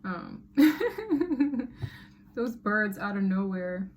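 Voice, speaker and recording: A woman giving a casual tarot reading to camera, chatty and animated, often laughing and exclaiming. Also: mid-range voice, normal speed, a little hiss or hum. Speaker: tarot reader.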